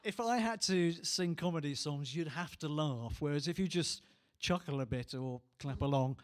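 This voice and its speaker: A musician and entertainer with a fairly high, clean-toned voice chats at a moderate pace between songs. His manner is dry and self-mocking, on a small theatre stage. The live hall gives the recording a long reverb.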